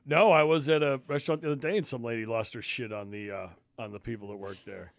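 A man's voice: medium pitch, quick pace, no echo. A man co-hosting a podcast in casual chat, reacting with short exclamations. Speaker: podcast co-host.

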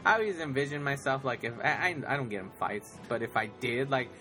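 Excitable rambling man, bright lively voice. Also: mid-range voice, fast talker, soft background music. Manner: rambling, excitable, laughs often, bursts into put-on voices. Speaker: podcast co-host. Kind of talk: casual chat.

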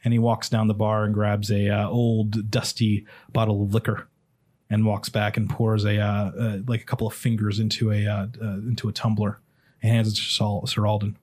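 A man narrates a tabletop game as game master in a husky, lowish voice. He speaks haltingly and fills the pauses as he goes. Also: monotone, a little mellow. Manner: halting, lots of fillers.

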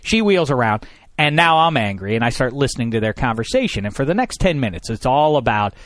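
A man in his thirties hosting a radio talk show, telling a story in a lively, sarcastic way. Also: medium pitch, a little fast, no room sound, studio quality. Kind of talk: casual storytelling chat.

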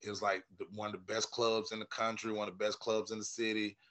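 Male stand-up guest, bright edgy voice, loose profane storytelling. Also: lowish voice, quick pace. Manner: animated, profane, acts out quoted voices loudly. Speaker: stand-up comedian, podcast guest. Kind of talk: casual storytelling chat.

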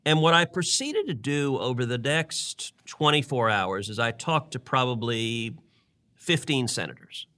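A middle-aged man talks through his reasoning on a political podcast with an earnest, insistent manner, often doubling words as he builds toward his point. His voice is bright and forceful, with a steady, medium pitch. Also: measured pace. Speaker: senator and co-host. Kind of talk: casual political podcast talk.

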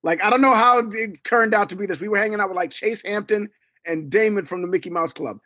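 A middle-aged man from New York in a casual storytelling chat, animated, swearing and acting out quotes, on a close studio mic. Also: high voice, quick pace, no echo. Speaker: podcast co-host.

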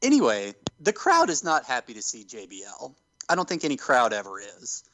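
A man hosting a podcast, telling a story with animated enthusiasm in casual chat. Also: mid-range voice, a little fast, a little hiss or hum, rough recording. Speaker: podcast host.

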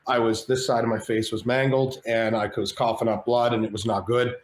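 A man guest on a podcast, telling a personal story in casual chat, animated and swearing freely, acting out the voices of others. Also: mid-range voice, brisk, a little hiss or hum. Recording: roomy echo with faint ambience.

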